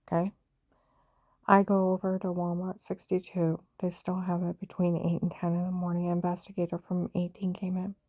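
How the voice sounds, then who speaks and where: A woman's voice: lowish voice, monotone, moderate pace, dark tone, no echo, highs cut off. An older woman giving an urgent, rambling personal account of her own experiences. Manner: intense, urgent storytelling. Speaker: vlogger telling her own story.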